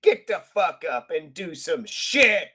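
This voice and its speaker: A man's voice: high voice, big pitch swings, takes it slowly, sharp tone, slightly rough. A man ranting heatedly on a casual podcast, swearing a lot. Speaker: podcast co-host. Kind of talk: casual profane chat.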